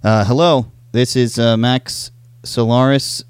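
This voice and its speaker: A man's voice: medium pitch, steady tone, takes it slowly, a little hiss or hum. Man stammering through comedy banter.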